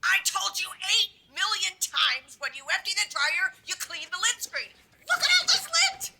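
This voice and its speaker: An actress reading the part of an exasperated wife in a sitcom table read, scolding with sarcastic retorts over a video call. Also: female voice, very high voice, normal speed, gravelly, pushed and bright, slight background noise, exaggerated voice. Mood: nagging. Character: exasperated wife fed up with her husband. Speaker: actor in a reunion table read.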